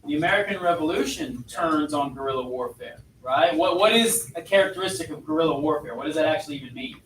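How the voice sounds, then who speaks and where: A man's voice: on the high side, fast talker, fairly bright tone, a little hiss or hum. A man teaching a history class in a chatty lecture style, asking his students questions as he goes. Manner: conversational, asks students questions. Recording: echoey classroom, voice from far off.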